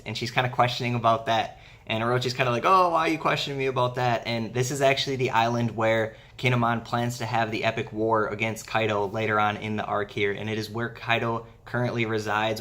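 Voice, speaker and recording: A man's voice: fairly low pitch, a bit bright. A man hosting a casual manga discussion, recapping events in a rambling way and leaning on "essentially" and "yes".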